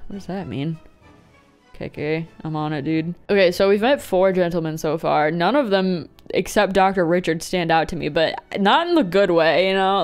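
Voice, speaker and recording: A woman's voice: fairly low pitch, moderate pace, faint music behind. A young woman streaming a dating game, joking around and laughing often in casual commentary. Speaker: gaming streamer.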